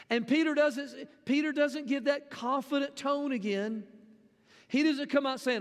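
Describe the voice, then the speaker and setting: A man with a strikingly high voice gives a sermon, talking in a loose, conversational way. He often restarts with repeated words. His voice carries a long reverb from the hall. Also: normal speed. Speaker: preacher.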